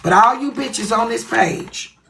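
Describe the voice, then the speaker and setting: Blunt, bright-voiced woman ranting on a livestream. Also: fairly high pitch, a little slow, vocal fry, slight background noise. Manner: blunt, profane, confrontational. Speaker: livestream host. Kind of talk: livestream rant to viewers.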